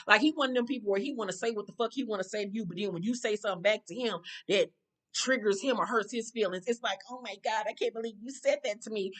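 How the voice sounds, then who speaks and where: A woman giving a blunt, profane, casual recap of a reality TV episode, talking like an exasperated friend. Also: medium pitch. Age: adult.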